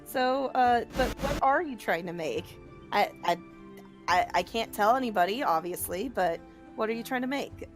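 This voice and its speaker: A woman's voice: a little high, expressive, moderate pace, soft background music, close to an everyday voice. A woman playing a practical, matter-of-fact adventurer in a tabletop game, speaking with hesitations. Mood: curious. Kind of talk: in-character tabletop role-play.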